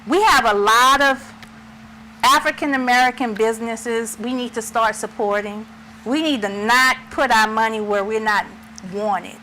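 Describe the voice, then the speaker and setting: Slow, emphatic bright-voiced woman. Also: on the high side, slight background noise, rough recording. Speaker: talk show co-host. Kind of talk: impassioned discussion.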